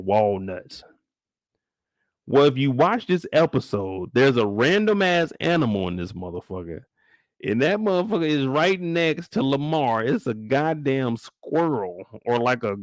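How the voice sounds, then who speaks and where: A young man hosting a casual livestream recap, animated and profane, often leaping into high exclamations. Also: no room sound, studio quality. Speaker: show host.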